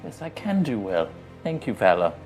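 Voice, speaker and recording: A woman playing a tabletop game, playful and quick to laugh. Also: extremely low pitch, big pitch swings, darkish tone, husky, soft background music, poor audio. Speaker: player.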